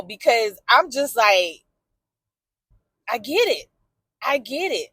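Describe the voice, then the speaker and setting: A woman's voice: a little high, big pitch swings, slow pace, fairly bright tone, slightly rough, no room sound. A woman talking candidly in a personal vlog from her car, emotional and outspoken, swearing and answering back to a story she follows. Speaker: vlogger.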